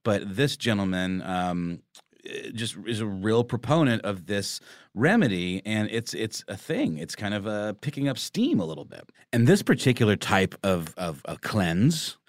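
A man co-hosting a casual podcast chat, joking and excitable, jumping up in pitch when something delights him. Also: moderate pace, no room sound, clean studio sound. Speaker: podcast co-host.

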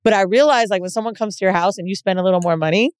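A woman co-host, telling stories in an animated, casual way and swearing freely. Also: medium pitch, rapid-fire, clear, resonant tone, dry recording, clean studio sound. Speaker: podcast co-host. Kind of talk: casual podcast chat.

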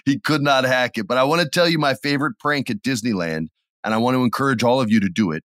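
A middle-aged man co-hosting a podcast, chatting casually and acting out his stories with sudden loud bursts. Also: medium pitch, fast, no room sound, clean studio sound. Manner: animated storyteller, acts out scenes with sudden loud bursts. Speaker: podcast co-host. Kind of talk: casual chat.

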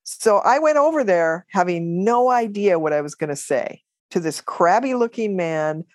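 A woman with a slightly low voice tells her story in a lively, animated way. She laughs often and acts out what people said. The recording is dry and close. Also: moderate pace, dry recording. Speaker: guest. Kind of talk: casual storytelling interview.

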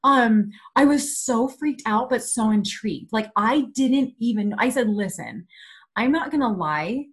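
Give me a woman in her thirties, husky, telling an animated story. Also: on the high side, unhurried. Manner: animated storyteller, many "like" fillers. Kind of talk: casual chat, storytelling.

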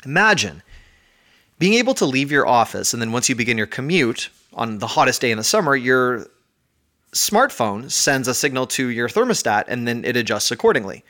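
A male podcast host talks from his home in a chatty, energetic way. He is a bit out of breath. His voice is a middle pitch for a man, and he pokes fun at himself as he goes. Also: moderate pace. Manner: energetic, chatty, self-deprecating. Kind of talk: casual podcast monologue.

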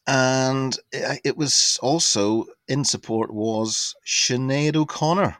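A man in his fifties, a podcast guest, tells a casual anecdote in an animated way with a medium-pitched voice, speaking slowly with no echo. He swears freely and his speech is full of fillers and restarts.

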